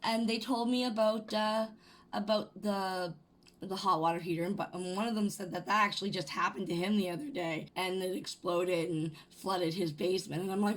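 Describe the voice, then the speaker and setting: A young adult woman ranting to camera in a casual vlog, swearing, restarting her sentences and jumping to loud bursts. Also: medium pitch, moderate pace. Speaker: vlogger.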